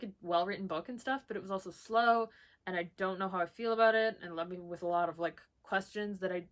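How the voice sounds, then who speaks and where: A woman's voice: medium pitch, a bit bright. A young woman recording a book vlog at home, chatting casually through a list of questions, rambling with lots of fillers and gushing about what she loves. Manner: bubbly, enthusiastic gushing. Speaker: book vlogger. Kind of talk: casual chat, answering a book tag.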